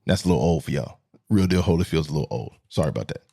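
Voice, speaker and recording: A man's voice: extremely low pitch, racing, gravelly, breathy edge. Guy hosting his podcast, talks in loose rambling stories, voice jumps all over the place. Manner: animated, rambling storyteller who laughs at his own jokes. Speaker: podcast host. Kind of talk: casual monologue.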